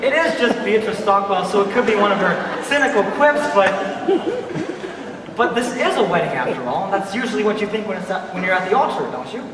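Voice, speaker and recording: A man's voice: high-pitched, animated, a little fast, very noisy. A man on a stage playing a chatty theatre fan, rambling and stammering as he talks to the audience. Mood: fond. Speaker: stage narrator addressing the audience. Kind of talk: live stage musical performance. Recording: echoey hall from far off.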